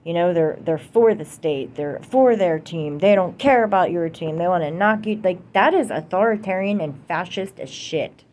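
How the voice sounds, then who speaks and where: A woman's voice: fairly low pitch, moderate pace, hardly any pauses, a little mellow. A young American woman delivering a heated, profane political rant to camera, repeating herself for emphasis. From United States. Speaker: vlogger.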